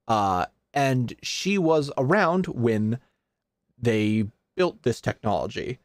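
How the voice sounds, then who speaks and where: A man's voice: mid-range voice, expressive, slow pace, dry recording. Laid-back male game master. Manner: casual, laughs often, many fillers. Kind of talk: narrating a tabletop game.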